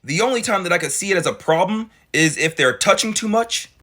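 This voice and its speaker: A man giving reaction commentary to viewers, animated and full of rhetorical questions. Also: high voice, a little fast. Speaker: commentary creator reacting to clips.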